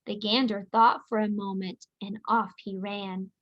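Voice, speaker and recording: A woman teacher reading a picture book aloud to children, speaking clearly and expressively. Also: medium pitch, flat delivery, a little slow, hardly any pauses, a bit bright. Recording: dull lo-fi audio.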